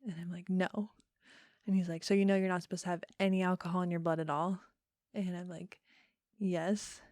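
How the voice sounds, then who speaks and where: A young woman in her twenties telling a personal story in a casual interview, soft-spoken with many pauses and ums. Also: on the low side, flat delivery, dry recording, clean studio sound. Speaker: podcast guest.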